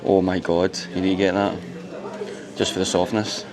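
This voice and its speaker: With a crowd audible behind him, a low-pitched man speaking at normal speed narrates a casual vlog of an indoor resort visit, gushing excitably and laughing often.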